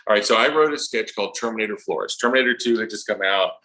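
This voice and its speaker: Bright-voiced man telling funny stories. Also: lowish voice, low-quality recording. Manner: comic, acts out scenes in quick voices. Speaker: author guest. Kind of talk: animated storytelling.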